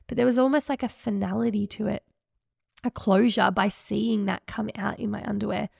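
A woman's voice: medium pitch, fairly even intonation, moderate pace, creaky, no room sound, studio quality. A woman hosting a podcast, candidly and emotionally recounting a personal experience in a reflective way. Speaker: podcast host.

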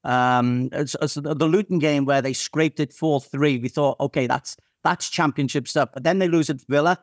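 A man analysing a football team's form as a pundit in casual studio chat, measured and detailed. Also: fairly high pitch, no room sound.

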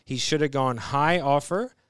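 A man's voice: medium pitch, measured pace, clean tone, no echo, clean studio sound. Blunt, sweary man chatting. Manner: blunt and sweary, animated retelling. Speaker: podcast co-host. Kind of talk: casual chat.

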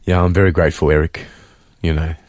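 A man, a guest giving a halting, earnest faith testimony full of fillers, on a studio mic. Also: rumbling low, little pitch movement, a little mellow, dry recording. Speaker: interview guest.

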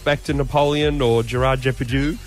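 A man's voice: medium pitch, steady tone, fairly quick, faint music behind. An Australian man co-hosting a breakfast radio show, joking and teasing his callers. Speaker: radio co-host.

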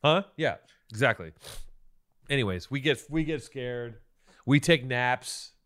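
Medium in pitch and a bit bright, this man's voice is expressive and a little slow. He co-hosts a podcast, rambling through a long casual story with plenty of swearing and many restarted sentences.

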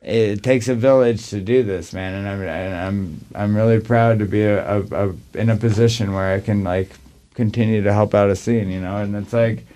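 A man's voice: fairly low pitch, steady tone, normal speed, dark tone. A man talking casually as a podcast guest, rambling with many fillers and restarts. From US Pacific Northwest. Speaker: guest, label owner and booker.

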